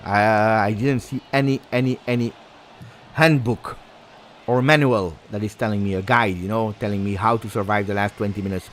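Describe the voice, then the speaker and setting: A man with an Italian accent doing live fan commentary on a match, excitable, throwing in Italian exclamations and talking to his viewers. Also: fairly low pitch, normal speed, a little hiss or hum. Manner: excitable, switches into Italian exclamations, talks to chat.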